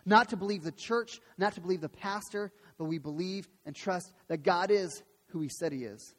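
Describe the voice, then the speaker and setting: High-voiced man preaching in a reverberant hall. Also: normal speed. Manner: earnest, emphatic preaching with repeated phrases. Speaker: pastor. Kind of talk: sermon. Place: church sanctuary.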